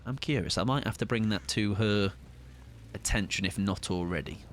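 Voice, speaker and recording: A man's voice: fairly low pitch, normal speed, slight background noise. A man, chatting playfully while live-streaming a game and greeting viewers. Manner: playful, chatty, jokey asides. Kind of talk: casual live-stream commentary.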